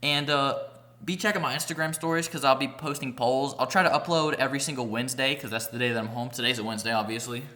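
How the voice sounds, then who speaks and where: A man's voice: mid-range voice, steady tone, fast talker, bright, forceful tone. A young man vlogger telling a rambling, profane story in a casual storytime vlog, packed with "like" fillers. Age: young adult.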